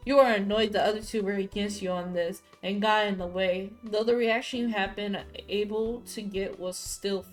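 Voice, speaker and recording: A woman streaming a story game, reading its text aloud and breaking into loud, profane outbursts. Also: medium pitch, steady tone, moderate pace, hardly any pauses, faint music behind. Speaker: gaming streamer.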